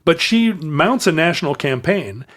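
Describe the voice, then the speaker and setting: A man's voice: a little high, lively intonation, normal speed, fairly bright tone. Rambling male history storyteller. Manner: rambling with restarts and asides. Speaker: podcast host telling a history story. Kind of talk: casual storytelling chat.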